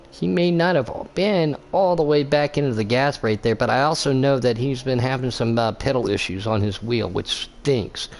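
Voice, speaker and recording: A male race commentator calling a sim racing event live. His voice sits at an ordinary middle pitch, and he wanders from the action into jokes and side stories. He leans on lots of "uh"s as he goes. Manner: rambling, jokey, lots of fillers.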